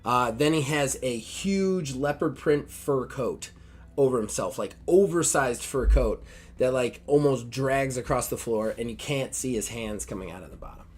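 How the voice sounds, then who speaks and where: A man's voice: mid-range voice, normal speed. A man game master narrating a tabletop game in a rambling, filler-heavy way.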